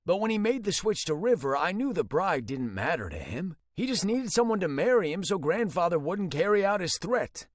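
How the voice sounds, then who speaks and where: Man voicing a smug defensive brother, raised pitch, dry close sound. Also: very animated, normal speed, few pauses, no echo.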